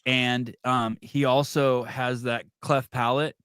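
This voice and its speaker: A man's voice: mid-range voice, little pitch movement, slow pace, fairly bright tone, clear, resonant tone, no echo, studio quality. A middle-aged man hosting a podcast, talking bluntly and swearing casually as he jokes. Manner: blunt, profane, joking. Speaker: podcast host. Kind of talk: casual conversation.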